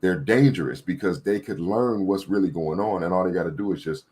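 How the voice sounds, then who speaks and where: A man with a very low voice that carries a husky edge gives a political rant. He hammers points home by repeating them and keeps checking in with whoever is listening. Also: a little fast, darkish tone. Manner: emphatic, repetitive, preachy. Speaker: political commentator. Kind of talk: ranting commentary.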